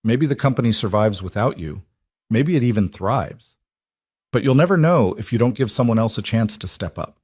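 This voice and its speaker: A man voicing a gentle, patient single father who speaks in a soft, reassuring way. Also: fairly low pitch, lively intonation, moderate pace, husky, no echo, clean studio sound. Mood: calm. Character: calm gentle single dad, steady and patient.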